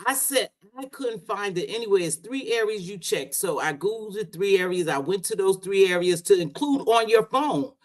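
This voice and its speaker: A woman's voice: mid-range voice, expressive, normal speed, hardly any pauses. Chatty woman hosting a live stream. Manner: chatty, swears, calls people sweetheart and baby. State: unwell after medication. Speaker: livestream host. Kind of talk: casual live chat.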